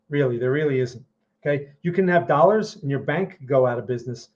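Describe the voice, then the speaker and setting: A male live-stream host with a fairly high voice who talks loosely and conversationally, repeating himself and looping back with "okay?" and "right?". The sound is a little dull and lo-fi. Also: darkish tone. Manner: casual, rambling, repeats words, asks "okay?" and "right?". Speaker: trading channel host. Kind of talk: live-stream market commentary and viewer Q&A.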